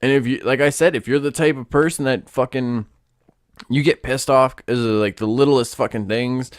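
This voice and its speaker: A man hosting a solo podcast, ranting in a casual, profane and animated way. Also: mid-range voice, moderate pace, dry recording. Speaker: podcast host.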